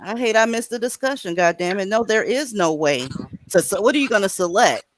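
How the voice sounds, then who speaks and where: Woman, panel host, expressive melodic delivery, blunt and profane. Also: mid-range voice, a little fast, dry recording. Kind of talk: casual livestream panel chat.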